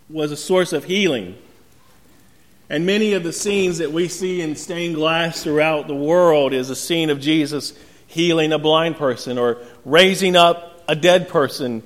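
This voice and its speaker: Male pastor, somewhat high voice, earnest sermon with light humor, long church reverb. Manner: earnest preaching with gentle storytelling humor. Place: church sanctuary.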